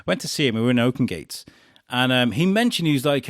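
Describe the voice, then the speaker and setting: Animated man telling stories. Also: medium pitch, very fast, no room sound, clean studio sound. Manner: animated storyteller, laughs often. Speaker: podcast host being interviewed. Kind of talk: casual chat.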